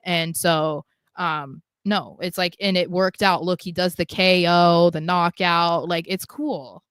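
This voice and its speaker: A woman's voice: on the low side, fairly even intonation, takes it slowly, a bit bright, clear, resonant tone, dry recording, studio quality. A young adult woman co-hosting a casual wrestling podcast, chatty and giggly, often acting out quoted lines. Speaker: podcast co-host.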